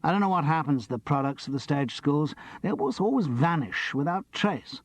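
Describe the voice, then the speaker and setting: A man putting on a theatrical, high-voiced actor. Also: big pitch swings, fairly quick, dry recording. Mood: drawling. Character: theatrical, nervous young male actor.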